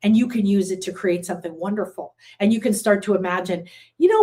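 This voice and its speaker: A woman's voice: medium pitch, fast, dark tone. A woman hosting a live online class as a spiritual teacher, a chatty, rambling storyteller who reads out and answers viewer comments. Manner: chatty, rambling storyteller with frequent fillers and restarts. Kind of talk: casual live-streamed teaching. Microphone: computer setup with screen sharing.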